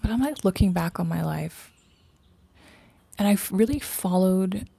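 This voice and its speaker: A woman's voice: mid-range voice, expressive, unhurried, gravelly, dark tone, husky, no echo. A woman hosting a casual livestream outdoors, rambling and chatty, often dropping into whispered asides. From Canada. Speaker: livestream host. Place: outdoors in morning sun.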